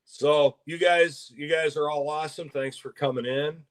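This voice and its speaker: A man co-hosting a casual live stream, telling a story in a rambling, halting way. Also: on the high side, steady tone. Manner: rambling, halting, laughs often. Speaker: co-host.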